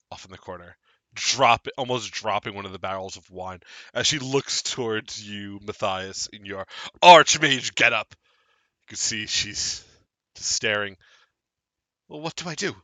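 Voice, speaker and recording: A man running a tabletop game, telling the tale at an unhurried pace with ominous pauses. His voice is bright and forward, recorded dry on a close streaming mic. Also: fairly low pitch, no room sound. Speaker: game master.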